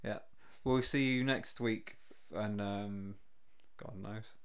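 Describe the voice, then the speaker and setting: A man's voice: on the low side, fairly even intonation, takes it slowly. A man co-hosting a comedy podcast, teasing his partner with dry wisecracks in casual chat. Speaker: podcast co-host.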